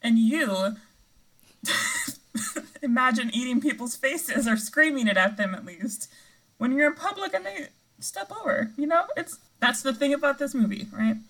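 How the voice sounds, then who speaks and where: A woman's voice: high voice, animated, measured pace, fairly bright tone, poor audio. A young woman co-hosting a podcast, chatting casually and laughing often. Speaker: podcast co-host. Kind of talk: casual chat.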